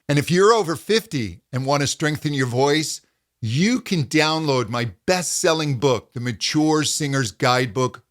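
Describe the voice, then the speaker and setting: A middle-aged man teaching a voice lesson as a vocal coach, calmly explaining and demonstrating hums and pitch slides.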